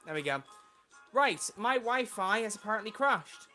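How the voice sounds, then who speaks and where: Young streamer at home, chatty and bright-toned, easily flustered. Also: male voice, high voice, expressive, moderate pace, faint music behind. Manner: chatty, flustered by tech trouble. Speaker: livestreamer. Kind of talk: casual livestream chat.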